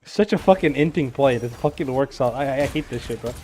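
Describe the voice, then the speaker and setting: With slight background noise, an expressive man with a medium-pitched, dark voice reviews a player's gameplay as their coach. He rattles off casual, filler-heavy talk, swearing and criticizing bluntly, leaning hard on "bro" and "right?".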